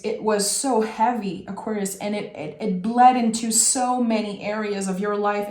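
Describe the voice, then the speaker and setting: Woman tarot reader, slow soft-spoken delivery, emotional, echoey room. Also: mid-range voice. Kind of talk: tarot reading to camera.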